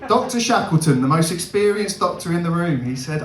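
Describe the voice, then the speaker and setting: A young man doing stand-up comedy, animated and laughing, with big swings in pitch. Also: fairly quick, roomy sound.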